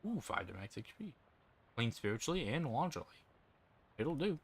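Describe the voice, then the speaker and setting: A man's voice: medium pitch, very animated, moderate pace, breathy edge. A man casually commenting on a game and reading its text aloud as he plays. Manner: casual, offhand remarks. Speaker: gaming video host.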